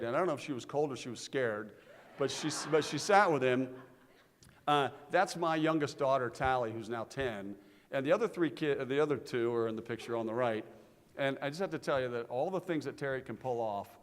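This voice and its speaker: A middle-aged man speaking from a conference stage and giving an earnest tribute speech, telling an anecdote with growing animation. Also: mid-range voice. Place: conference stage in a large hall. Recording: reverberant hall.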